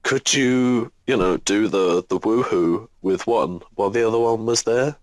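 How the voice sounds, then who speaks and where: Low-voiced, crude joking man. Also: unhurried, no echo. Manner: crude, swearing, joking banter. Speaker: podcast co-host. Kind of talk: casual podcast chat.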